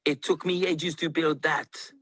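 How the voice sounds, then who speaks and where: A man voices an indignant little onion from a picture book, pitched up and sharp. The reading is lively, with a husky grain. It has a dry, close sound. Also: normal speed, dry recording. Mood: cross. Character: cross male onion who builds dirt castles.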